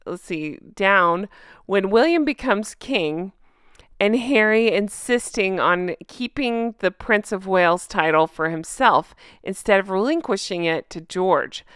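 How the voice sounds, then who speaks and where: A woman hosts a casual reaction video, reading comments aloud and adding sarcastic, laughing asides. Her voice is smooth and clean. The sound is dry and close, with no room around it. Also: mid-range voice, animated, unhurried, a bit bright, no echo. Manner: mocking and sarcastic, often laughing; asks viewers direct questions. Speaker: channel host reacting to online comments.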